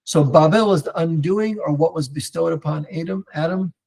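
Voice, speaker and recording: A man teaching an online Torah class, talking in a lively, digressive way with many restarts and fillers and mixing in Hebrew terms. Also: fairly high pitch, normal speed, gravelly. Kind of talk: animated live online lecture answering viewer comments.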